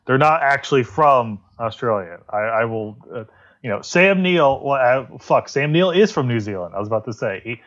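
A man's voice: medium pitch, lively intonation, normal speed, a bit bright. Podcast co-host, male, sarcastic rambler, muffled lo-fi recording. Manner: rambling, sarcastic, swears freely. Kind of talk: casual political chat.

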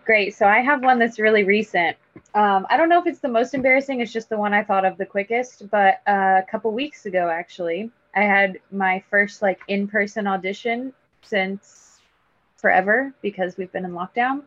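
A woman's voice: medium pitch, normal speed, fairly bright tone, no echo. A woman telling stories as a podcast guest, bubbly and self-mocking, sprinkling her talk with "like". The recording is a little dull and muffled. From United States. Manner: bubbly, self-deprecating, fillers like "like". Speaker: actress guest. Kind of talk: casual podcast interview.

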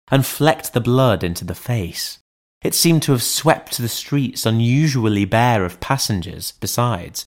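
A man narrating an audiobook in a measured, deliberate reading voice. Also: medium pitch. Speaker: audiobook reader. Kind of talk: scripted narration.

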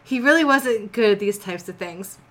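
A woman's voice: medium pitch, lively intonation, moderate pace, a bit bright. A woman casually reading a story aloud on a podcast, breaking off for blunt, swearing asides.

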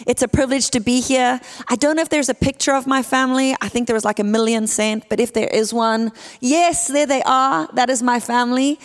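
A woman in her thirties with a South African accent, preaching a sermon as a guest speaker in a lively, chatty way. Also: mid-range voice. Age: 30s. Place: church sanctuary. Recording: church hall with long reverb.

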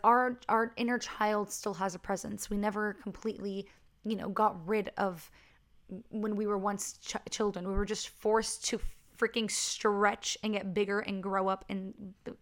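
A woman's voice: a little high, a bit bright. A young woman hosting her own podcast, talking casually and rambling with fillers and restarts. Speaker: podcast host. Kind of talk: casual solo podcast talk.

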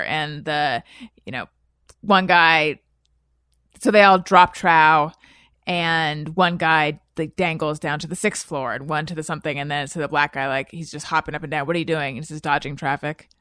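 Woman podcast host, thirties, chatty and quick to laugh, close dry sound. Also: sits low, a bit bright, clean tone, no echo. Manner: chatty, reads listener posts aloud, laughs often. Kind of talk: casual chat.

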